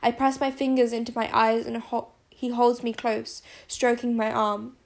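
A woman reading a first-person audiobook narration in a measured, even way. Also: fairly high pitch, creaky.

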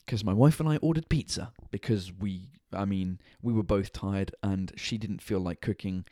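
A man's voice: on the low side, normal speed, dark tone, no room sound, studio quality. A tired man, hosting his own podcast and livestream from his kitchen, rambling casually and swearing freely. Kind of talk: casual chat. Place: home kitchen at night.

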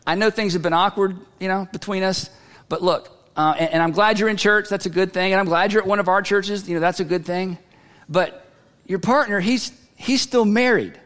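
A man preaching a sermon as a pastor, telling a story in a conversational way with halting restarts. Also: high-pitched, fairly bright tone. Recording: long hall reverb.

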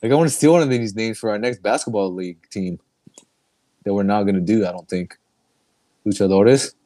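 Excitable laughing man, casual chat. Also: fairly low pitch, quick pace. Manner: laughs often, excitable, swears. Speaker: podcast co-host.

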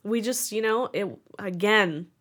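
A woman's voice: medium pitch, a little slow, fairly bright tone. A woman co-hosting a podcast in casual chat, blunt and offhand with plenty of swearing. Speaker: podcast co-host.

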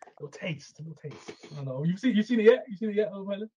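A man's voice: high-pitched, expressive, racing, dark tone, slight background noise. A man co-hosting a podcast, chatting casually, joking and repeating phrases. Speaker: podcast co-host. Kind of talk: casual chat. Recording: dull lo-fi recording.

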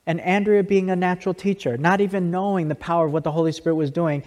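Man, fairly high voice, conversational storytelling, restarts and asides, long hall reverb. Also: steady tone, fast talker, darkish tone. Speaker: speaker giving a testimony. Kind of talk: storytelling talk to an audience.

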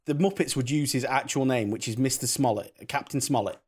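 A man co-hosting a casual film chat, dropping wry quick quips. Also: mid-range voice, a little mellow. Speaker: podcast co-host.

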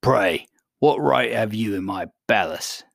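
A man's voice: on the low side, fairly even intonation, normal speed, creaky, no room sound, studio quality. A man reading aloud and voicing a pompous, squat goblin king who speaks with weary dignity. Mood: dignified. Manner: dignified, placating.

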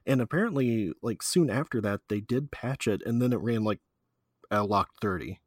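A man's voice: fairly low pitch, lively intonation, moderate pace, no room sound. Rambling casual guy, dry close sound. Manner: rambling, lots of fillers, laughs often. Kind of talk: casual chat.

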